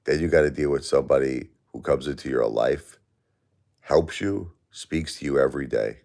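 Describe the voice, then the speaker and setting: A man's voice: rumbling low, normal speed, a little mellow. A grieving man hosting a live stream, talking in an aggrieved, plaintive, repetitive way and answering chat. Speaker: livestream host.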